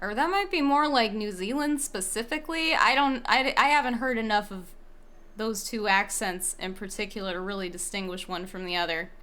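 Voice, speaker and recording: A woman's voice: medium pitch, normal speed, fairly bright tone. A young woman streamer giving rambling, swearing commentary while playing a game. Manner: swearing, rambling, self-interrupting. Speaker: let's-play streamer.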